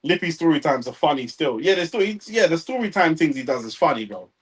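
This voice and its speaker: A young man with a London accent chats loosely on a live stream, his voice a little husky. He trails his sentences with slangy tags and reacts to viewer comments. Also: on the high side, big pitch swings, fast, rough recording. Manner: slangy, trailing off with bro and innit. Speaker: watchalong co-host. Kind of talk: casual banter reading chat.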